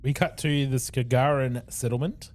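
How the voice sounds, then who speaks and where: This podcast co-host has a medium-pitched, slightly mellow voice and speaks at an ordinary speed. In casual chat, he recaps an episode at length, acting out the quoted lines.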